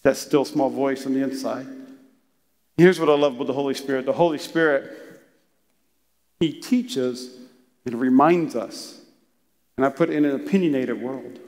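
A man's voice: medium pitch, moderate pace, pauses often, in a large hall. A male pastor preaching a sermon to his congregation in a church, talking casually and with animation, and acting out little voices as he goes. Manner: animated, conversational preaching with acted asides. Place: church hall.

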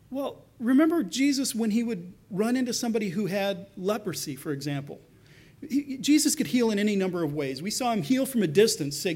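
A man preaching a sermon with a fairly high voice. He talks in an easy, conversational way, breaking off to restart phrases and putting rhetorical questions to his listeners. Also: darkish tone, breathy edge. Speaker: pastor.

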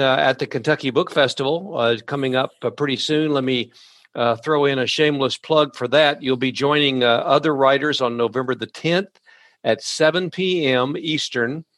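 A man hosting a podcast interview, speaking haltingly with frequent restarts. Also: mid-range voice, a bit bright, no room sound. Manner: halting, many fillers and restarts. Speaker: podcast host.

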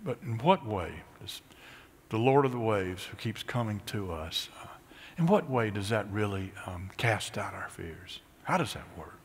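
Guy preaching in a big echoey church, gets real animated then drops to a hush. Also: a little slow, breathy edge. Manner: animated, rising to high excited peaks then dropping to hushed near-whispers. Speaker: pastor. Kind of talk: sermon.

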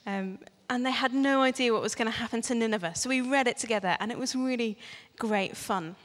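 A woman's voice: fairly high pitch, a little fast, few pauses. A young woman preaching a sermon in a church, chatty and playful, asking the congregation questions. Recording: long church reverb.

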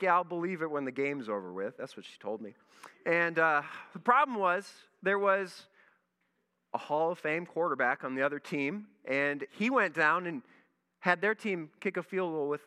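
A man, a pastor, telling a lively story in a sermon and acting out his own reactions. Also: a little high, clear, resonant tone. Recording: long reverb in a large hall.

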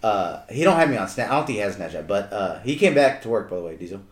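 A man chatting casually on a podcast, telling lively work stories and swearing freely. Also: lowish voice, fast. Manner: animated storytelling, swearing, mimics a coworker. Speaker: podcast co-host. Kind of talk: casual chat. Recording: echoey room.

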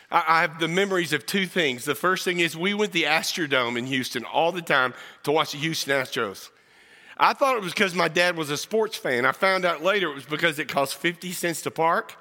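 A man's voice: fairly high pitch, sharp tone, in a large hall. A man from South Texas, preaching as a guest pastor and telling a personal story in a folksy way that jokes with the congregation. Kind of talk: storytelling sermon. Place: church sanctuary.

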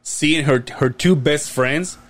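A man's voice: fairly high pitch, takes it slowly. A man in his late thirties hosting a podcast, telling a long, rambling story in casual chat and swearing freely. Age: late 30s. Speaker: podcast host.

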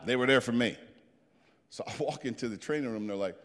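A man in his fifties from New Jersey telling an animated, plain-spoken story as a guest speaker to a group. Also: mid-range voice, fast talker, pauses often, big-room sound. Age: 50s.

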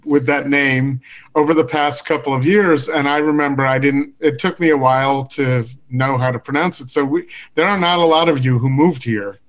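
A man's voice: mid-range voice, fairly even intonation, moderate pace. A man hosting a casual podcast interview, asking curious questions. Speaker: podcast host.

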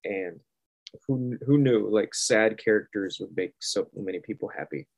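A man chatting casually as a guest, animated and laughing often, acting out other people's reactions. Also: fairly low pitch, normal speed, vocal fry, no echo, dull audio. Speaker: guest artist. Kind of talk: casual storytelling.

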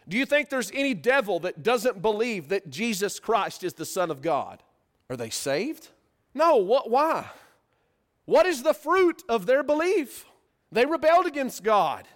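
A man preaching a Bible-study sermon, teaching with lively rhetorical questions. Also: sits high.

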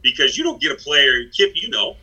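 A man's voice: fairly high pitch, sing-song, fast talker, sharp tone, low-quality recording. A middle-aged man, a former basketball head coach, telling stories in a blunt, self-deprecating way. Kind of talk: casual chat.

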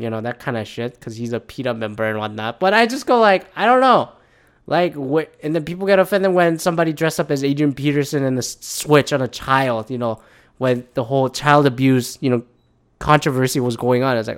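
A man's voice: medium pitch, a little fast. Profane, rambling male podcast host. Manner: rambling, profane, with frequent restarts and exasperated rhetorical questions. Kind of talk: casual solo podcast monologue.

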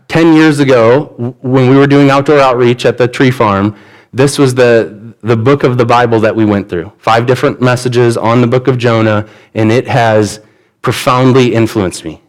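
A man's voice: medium pitch, rough recording. A man, a pastor, preaching a sermon and retelling a Bible story in an easy conversational way, voicing the characters' lines.

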